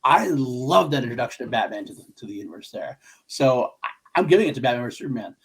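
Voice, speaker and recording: A podcast co-host chats casually about movies, his medium-pitched voice swinging widely in pitch as he talks fast. There's a creak and a breathy edge to it. He's enthusiastic and rambling, restarting sentences and swearing along the way.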